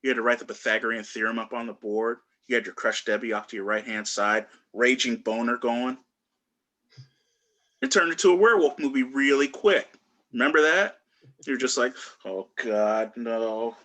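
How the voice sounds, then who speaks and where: Bright-voiced man doing stand-up. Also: medium pitch, moderate pace. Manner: loose, rambling delivery with many fillers and restarts. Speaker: stand-up comedian. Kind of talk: stand-up set on a video call. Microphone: video call.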